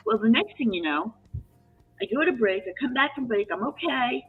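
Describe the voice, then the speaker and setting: A woman retelling a work story in casual chat, animated and emotional, with many restarts. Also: on the high side, normal speed, slightly rough. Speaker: live chat guest. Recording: tinny phone-line audio with faint music.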